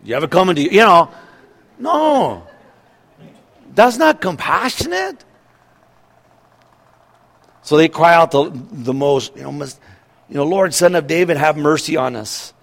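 A middle-aged man preaching a sermon in a lively way, acting out the voices of people in the story and laughing as he goes. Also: a little high, slow pace, vocal fry, long pauses. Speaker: pastor.

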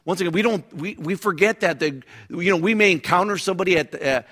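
A man's voice: high-pitched, fast talker, fairly bright tone. A male pastor preaching a sermon in a conversational, engaged way, often checking in with the congregation with asides and restarting his phrases.

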